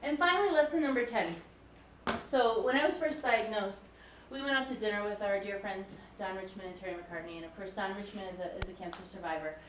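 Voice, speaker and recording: Her medium-pitched voice moves briskly as this music professor, a woman in her forties, gives an open, personal public talk. It's recorded from a distance in a roomy lecture hall with slight background noise.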